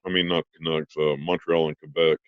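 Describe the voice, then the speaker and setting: A man joining a casual sports chat, telling a hockey story in an unhurried way. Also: extremely low pitch, level tone, clear, resonant tone, dry recording, dull audio.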